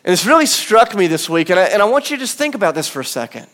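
A man's high, clear voice carries an earnest sermon. He builds with slow, weighty pauses, then sinks into quiet, low asides as he leads the room through his point. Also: sing-song. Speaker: pastor. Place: church auditorium.

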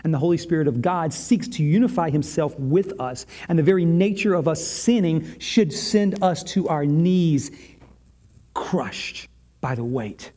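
A male pastor giving a sermon, retelling a scene dramatically with long pauses and repetition. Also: fairly high pitch, mellow.

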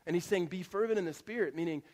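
High-voiced male pastor in a reverberant hall. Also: fast talker, darkish tone. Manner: conversational, earnest, rhetorical repetition. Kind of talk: sermon. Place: church auditorium.

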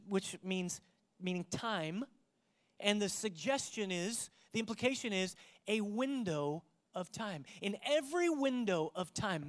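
A pastor delivers a sermon to a congregation in a church, with a voice pitched in the middle range. The delivery swings between loud, emphatic passages and hushed, almost whispered lines. The preacher keeps drawing the room in with direct questions. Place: church before a live congregation.

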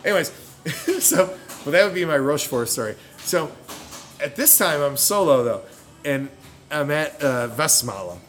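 A man's voice: fairly high pitch, normal speed, soft background music. A middle-aged man telling a long, rambling story in casual chat, laughing often and correcting himself as he goes. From United States. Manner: rambling and animated, self-correcting, laughs a lot.

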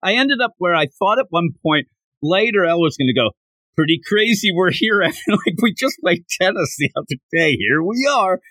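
A man co-hosting a casual podcast discussion, breaking into quick acted-out character lines as he talks. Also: high voice, no echo. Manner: animated, acts out characters' lines in quick bursts. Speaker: podcast co-host.

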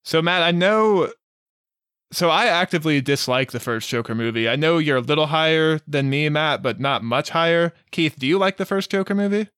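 A man's voice: fairly high pitch, expressive, normal speed, a bit bright, smooth, no echo, clean studio sound. A man co-hosting a podcast in casual chat, blunt and stumbling on his first words. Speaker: podcast co-host.

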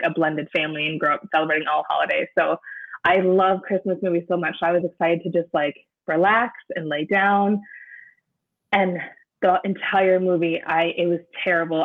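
Halting woman on a tinny line. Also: on the low side, flat delivery. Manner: halting, searching for words, frequent restarts. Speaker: interview guest. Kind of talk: personal account in an interview. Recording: narrow phone-like sound.

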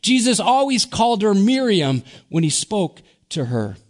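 A pastor from Wisconsin preaching in a slow, earnest way that sinks to hushed, whispered phrases on key words. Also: male voice, high-pitched, sing-song. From Wisconsin, USA. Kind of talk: sermon.

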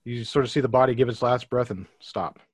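A man's voice: medium pitch, quick pace, husky, dry recording. A man narrating a tabletop game as game master, describing scenes with many fillers.

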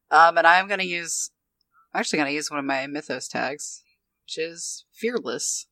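A man's voice: on the high side, animated, normal speed, creaky, bright, forceful tone, no echo. A man playing a tabletop game, giving a rambling, wry recap full of fillers. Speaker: player.

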